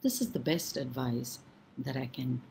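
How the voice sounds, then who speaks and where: A woman doing a calm, wise old monk. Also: extremely low pitch, gravelly, a little hiss or hum, pitched below the performer's own voice, full character voice. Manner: calm, slow and soft.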